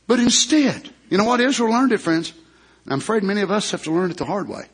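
A man preaching a sermon as pastor, who swings between shouted climaxes and low hushed asides and draws out emphatic words. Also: lively intonation, fast talker, husky.

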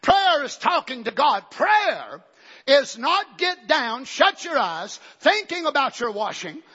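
A preacher delivers a fiery revival sermon in a strikingly high, bright, forceful voice. He swings from ringing shouts down to low, conversational asides. The recording is dull and lo-fi. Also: very animated, slow pace, in a large hall. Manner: bursts into shouts, then drops low and conversational.

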